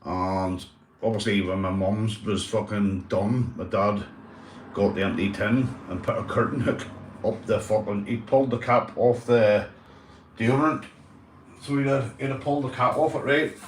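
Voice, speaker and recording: A man's voice: on the low side, steady tone, normal speed, a little hiss or hum. A Northern Irish man hosting a casual livestream chat, rambling and swearing, calling everyone mate. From Northern Ireland. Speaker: livestream host. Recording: echoey room, mic at a distance.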